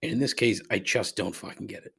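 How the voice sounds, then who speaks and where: A middle-aged man hosting a podcast, rambling through a profane rant that climbs in pitch when he gets riled. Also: fast, gravelly. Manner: rambling and repetitive, swears freely, rises in pitch when riled. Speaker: podcast host. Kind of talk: casual profane ranting monologue.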